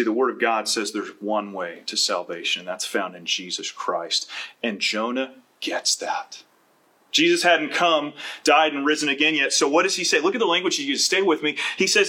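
Bright-voiced pastor preaching animatedly. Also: male voice, fairly high pitch, normal speed. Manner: storytelling with animated acted-out voices. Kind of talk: sermon.

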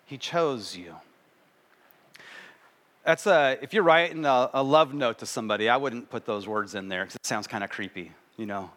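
A man preaching a sermon at a church service in a relaxed, joking way, acting out little voices. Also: mid-range voice, moderate pace. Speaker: pastor.

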